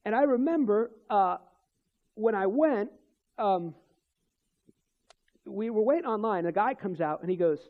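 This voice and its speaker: A man with a notably high voice tells a personal faith story in a loose, meandering way, circling back and restarting his sentences. He laughs softly between thoughts, speaking as a minister in conversation. The sound is dull and lo-fi. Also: expressive, a little slow, long pauses. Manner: rambling storytelling with restarts and chuckles.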